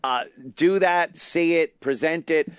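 A man in casual comic chat, animated and profane, acting out quotes in exaggerated voices. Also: a little high, unhurried, clear, resonant tone, no room sound, studio quality.

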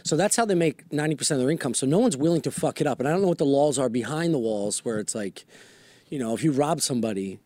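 A man's voice: medium pitch, quick pace, dry recording. Male, upbeat storyteller, wide-ranging delivery, crude comedy banter. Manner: animated storyteller, swears a lot, laughs often.

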